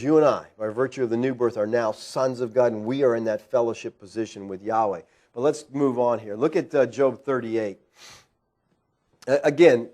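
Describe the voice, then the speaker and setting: A pastor with a medium-pitched, mellow voice preaches an expository sermon in a church sanctuary. He keeps it conversational, poses many rhetorical questions, and often checks in with "all right?"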